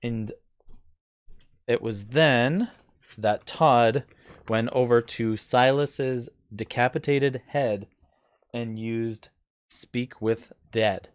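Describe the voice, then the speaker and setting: Brief: man as game master, slow and unhurried, dry close sound. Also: medium pitch, clear, resonant tone, no echo. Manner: relaxed, rambling narration with fillers. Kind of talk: narrating a tabletop game.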